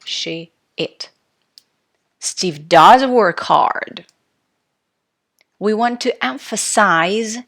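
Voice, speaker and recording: A woman delivers a recorded English grammar lesson at an unhurried, careful pace. Her voice sits a little low, and she leans hard on the stressed words in her examples to make the point clear. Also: a bit bright. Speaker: English teacher.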